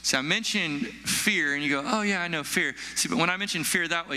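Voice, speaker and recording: A male pastor preaching a sermon to his church, animated, acting out frightened people with stammers and sighs. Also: a little high, brisk. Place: church hall. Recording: long echo of a large hall.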